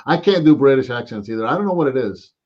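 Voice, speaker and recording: A man's voice: mid-range voice, expressive, quick pace, highs cut off. An American man chatting casually on a live stream about toy collecting, rambling and saying "man" a lot. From United States. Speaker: co-host.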